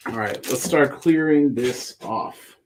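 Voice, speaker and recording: A man with a medium-pitched voice speaks slowly over a noisy background while running a casual live-stream comic book sale. He lists issues in an easygoing way and wanders into joking, rambling asides.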